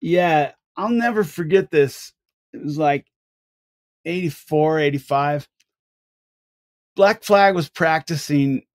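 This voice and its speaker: A man's voice: on the high side, slow pace, long pauses, no room sound, studio quality. Older man telling a rambling story. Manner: animated rambling storyteller with many restarts. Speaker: podcast guest, drummer. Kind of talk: casual interview storytelling.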